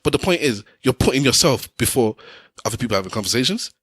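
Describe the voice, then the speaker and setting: A man's voice: medium pitch, animated, fast, fairly bright tone, breathy edge, dry recording. A middle-aged man, arguing insistently on a podcast and hammering home his points. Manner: insistent, lecturing, repeats points. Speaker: podcast co-host. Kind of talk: heated personal argument.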